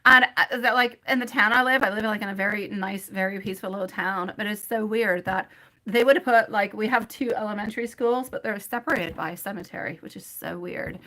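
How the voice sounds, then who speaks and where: A woman's voice: mid-range voice, sharp tone. A woman reading tarot live for her viewers, rambling and chatty, laughing often and calling people by pet names like sweetie and my love. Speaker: tarot reader.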